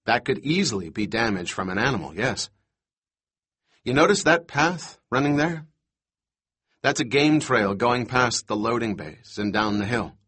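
A male narrator voicing a calm, measured mathematician who speaks quietly and deliberately, a little lower than his own voice. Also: breathy edge. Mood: explaining.

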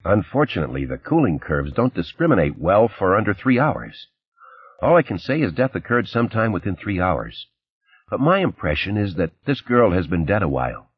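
A man's voice: low-pitched, sing-song, normal speed, husky, full character voice. A man voicing a cautious, matter-of-fact male medical examiner. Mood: clinical. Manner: clinical, cautious. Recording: slightly dull, dry recording.

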